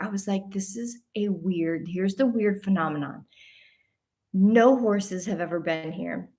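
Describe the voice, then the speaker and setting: Animated woman telling a story at home. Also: mid-range voice. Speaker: host of a spiritual talk show. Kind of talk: casual storytelling monologue. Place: at home on a couch by a window.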